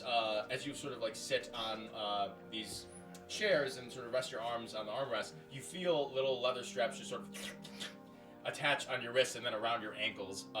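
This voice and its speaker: A man's voice: medium pitch, far from the mic. A man narrating as game master in a loose, laughing way full of fillers. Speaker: dungeon master.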